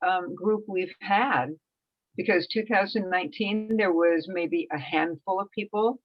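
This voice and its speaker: A woman's voice: on the low side, a little slow, no echo, highs cut off. A woman in casual conversation, speaking in an upbeat, reassuring way. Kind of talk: casual chat.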